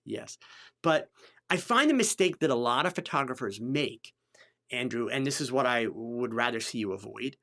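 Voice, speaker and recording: A man hosting a live photography chat, answering viewers by name and stressing points by repeating them, his pitch swinging between low, slow stretches and high bursts. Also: fairly bright tone. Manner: emphatic, repeats key phrases for stress. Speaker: photography podcast host. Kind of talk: live-streamed teaching chat.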